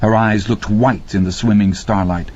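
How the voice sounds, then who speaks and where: A man with a husky voice narrating a horror audiobook with slow, dramatic pacing. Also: fairly low pitch, fairly even intonation, darkish tone, slight background noise. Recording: dull lo-fi audio.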